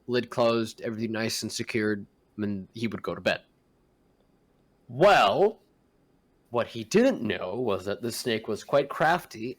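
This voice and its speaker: A man's voice: medium pitch, fairly bright tone. A man co-hosting a podcast, recounting stories with dry, wry humor in casual chat. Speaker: podcast co-host.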